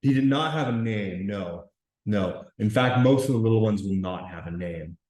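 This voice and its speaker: A male teacher reading a novel aloud to his class, stumbling and restarting, then explaining it in a relaxed way with fillers. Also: on the low side, moderate pace, roomy sound, low-quality recording.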